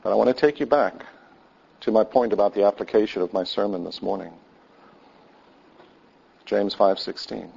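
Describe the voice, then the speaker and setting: A man preaching a sermon as pastor, earnest, with his voice trailing softly at the ends of lines. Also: fairly low pitch, fairly even intonation, normal speed, creaky, pauses often, breathy edge, muffled recording.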